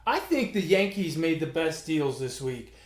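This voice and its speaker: A man's voice: fairly high pitch, big pitch swings, moderate pace, roomy sound. A man in his forties with a faded New York accent, hosting a casual sports podcast with joking, self-mocking banter. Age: 40s. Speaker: podcast host.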